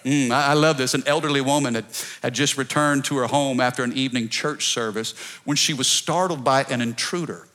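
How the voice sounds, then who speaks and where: A man pastor preaching a sermon to his church, calling on the congregation to repeat after him and swinging between soft pleading and loud shouts. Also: mid-range voice, fairly quick. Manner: preaching with call-and-response, rising to shouts. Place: church service.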